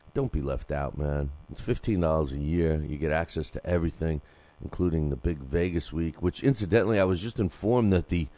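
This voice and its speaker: On a casual boxing podcast, an older host with a warm, extremely low voice reads sponsor ads in a loose, rambling way, cracking jokes and leaning heavily on fillers.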